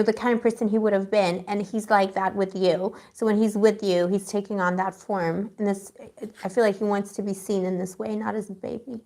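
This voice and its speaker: A woman's voice: medium pitch, darkish tone. A woman giving a live tarot reading to her viewers, chatty, emotional and slangy as she talks through the cards. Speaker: tarot reader.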